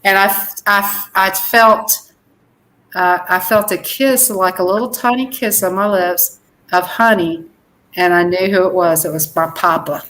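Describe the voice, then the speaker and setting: An older woman co-hosting a family livestream, telling a personal story slowly and emphatically. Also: mid-range voice, fairly even intonation, a bit bright, poor audio. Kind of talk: casual storytelling.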